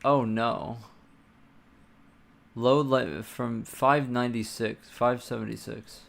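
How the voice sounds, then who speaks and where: A man's voice: medium pitch, fairly even intonation, slow pace, vocal fry. A man live-streaming his game engine coding, thinking aloud, muttering to himself and swearing casually.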